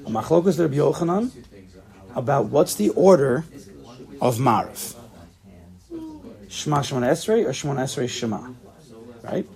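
Gravelly man teaching a Talmud class. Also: mid-range voice, animated, moderate pace, long pauses, a little mellow. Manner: thinks aloud, asks the class questions, laughs at himself. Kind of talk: casual Talmud study class.

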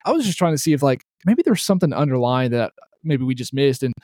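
A man's voice: medium pitch, big pitch swings, fast talker, a little mellow, no echo, studio quality. A man co-hosting a sports podcast, talking loosely with lots of fillers. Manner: rambling, many fillers, says dude. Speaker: podcast co-host. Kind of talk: casual sports chat.

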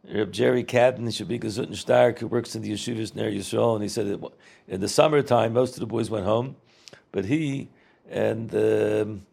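A man's voice: on the low side, vocal fry, darkish tone, husky. A middle-aged man casually reminiscing, rambling and repeating words, mixing in Yiddish and Hebrew terms. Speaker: storyteller recalling a rabbi.

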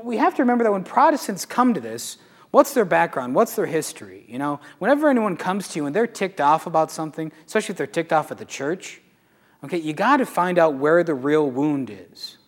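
A man, a Catholic priest, giving a casual, animated talk to a live audience, asking rhetorical questions. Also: fairly high pitch, normal speed. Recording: echoey hall.

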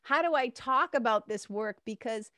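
A woman's voice: fairly high pitch, normal speed, pushed and bright, no echo, studio quality. A middle-aged woman, a spiritual mentor, talking in a casual, candid way with swearing and laughs. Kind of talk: casual monologue.

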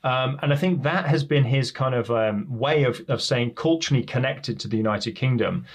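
A man's voice: mid-range voice, normal speed. A man, a podcast guest telling stories about family and identity in a reflective way. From England. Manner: fluent, reflective storytelling. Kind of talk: casual interview chat.

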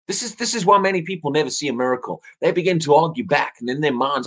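A man's voice: a little high, animated, quick pace, hardly any pauses, fairly bright tone. A man preaching an evening sermon, earnest, often repeating words as he restarts his phrases.

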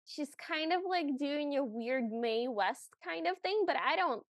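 A high-pitched woman chatting on a podcast, recapping a film scene by scene and slipping into the characters' lines as she goes. Her voice sits close and dry, with no room sound around it. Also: unhurried, no echo. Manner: animated, acts out characters' lines in quotes. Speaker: podcast co-host. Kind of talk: casual chat recapping a movie.

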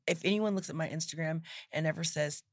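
A woman who founded a startup, giving emphatic motivational talk in a casual chat, slowing down for her punchlines. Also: low-pitched, no room sound, studio quality. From Texas. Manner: emphatic, preachy, slows down for punchlines.

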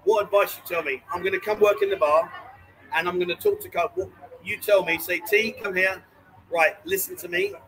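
A man's voice: high voice, lively intonation, brisk, a bit bright, slight background noise, poor audio. A man hosting a casual live stream from a bar, chatty and jokey, calling people mate and darling. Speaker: host.

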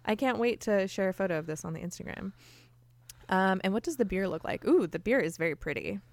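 A woman's voice: medium pitch, expressive, fairly quick, no room sound. A woman co-hosting a podcast, chatting casually and cheerfully as she describes her drink in detail into a podcast mic. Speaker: podcast co-host. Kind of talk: casual chat over drinks.

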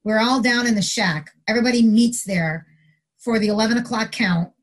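A middle-aged woman, a retired corrections officer, telling a story casually in an interview and acting out the quotes. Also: brisk. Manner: animated storyteller, acts out quotes with big pitch jumps.

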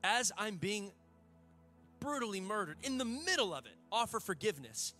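A man's voice: high-pitched, sing-song, normal speed, bright, forceful tone, faint music behind. A male pastor, preaching a sermon to a church congregation in a fervent, conversational way with folksy asides.

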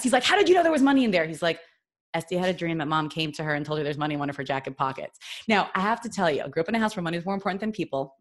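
A woman from New York, a podcast guest, telling a personal story in a chatty, animated way with lots of fillers and restarts. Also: fairly low pitch. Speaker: podcast guest, business consultant. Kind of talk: casual storytelling.

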